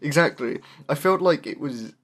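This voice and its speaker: A man co-hosts a relaxed podcast chat about a film script. He retells scene after scene, keeping it loose and chatty. He laughs often as he goes. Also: on the high side, moderate pace. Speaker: podcast co-host. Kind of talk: casual review chat.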